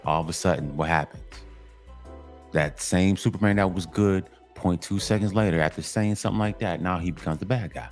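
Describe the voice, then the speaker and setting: Deep-voiced man preaching at the camera. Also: a little fast, faint music behind. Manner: preachy, repetitive, emphatic. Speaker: commentary channel host. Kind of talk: casual monologue addressing men.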